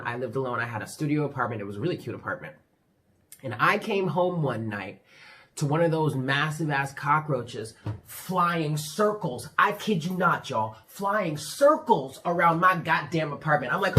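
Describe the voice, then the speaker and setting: Animated, swearing man telling a story. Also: fairly high pitch. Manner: animated, swears freely, keeps saying "y'all" and "right?". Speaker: tarot reader. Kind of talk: casual storytelling to viewers. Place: his room with the door closed.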